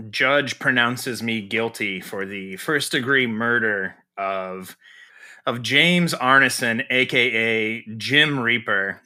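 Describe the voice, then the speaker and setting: Male player, slow, bright-toned, first-person scene narration. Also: mid-range voice, smooth. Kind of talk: narrating a tabletop role-play scene.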